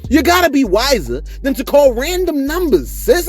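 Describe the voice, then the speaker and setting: A man's voice: very high voice, moderate pace, soft background music. A man hosting celebrity gossip commentary, slangy and chatty, often checking in with his viewers. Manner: animated, slangy, repeats "you see what I'm saying". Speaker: host of celebrity gossip channel.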